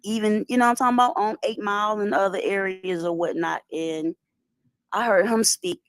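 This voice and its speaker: A woman from lays out her points, relaxed and conversational. She keeps checking in with her listener. The sound is close and dry. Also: mid-range voice, fairly quick, dry recording. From Detroit, USA. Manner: explanatory, asks "right?" often, street slang. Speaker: guest. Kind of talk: casual conversational lecture.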